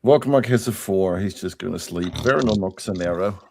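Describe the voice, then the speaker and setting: A man's voice: low-pitched, a little fast, gravelly, background noise. A man playing a tabletop game, blunt and joking in casual table talk. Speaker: player.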